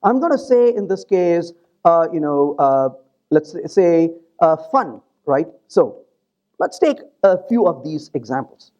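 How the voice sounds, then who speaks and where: A man giving a live technical conference talk, animated and joking, who keeps turning to the audience with quick questions. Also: on the high side, muffled recording. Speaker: conference presenter.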